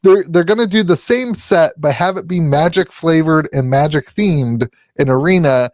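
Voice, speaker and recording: A man's voice: on the high side, normal speed, a little mellow, no echo. Man, podcast host, casual chat, rambling, laughing, dry sound.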